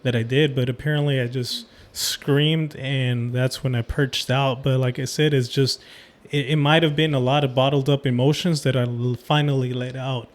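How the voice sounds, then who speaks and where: A man's voice: medium pitch, little pitch movement, normal speed. A man hosting a podcast, telling a personal story in a rambling casual way with many fillers. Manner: rambling, full of "um" and "like". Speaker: podcast host.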